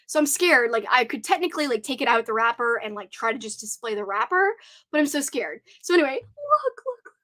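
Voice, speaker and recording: Young woman streamer, high bright voice, chatty and excitable, reads comments out loud. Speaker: live stream host. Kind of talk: casual live stream chat.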